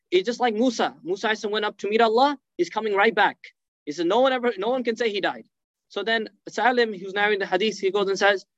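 A man's voice: sits high, no echo, lo-fi sound. A man preaching a sermon, retelling a sacred story fervently, acting out quotes and weaving in Arabic phrases. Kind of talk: emotional religious storytelling lecture.

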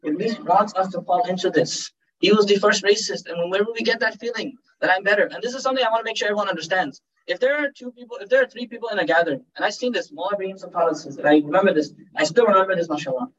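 Young male teacher for an informal religious talk. He speaks fast and in a high voice, loose and joking, with Urdu and Arabic phrases mixed in, captured dull and from a distance. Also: fairly bright tone. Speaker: Islamic teacher giving a talk.

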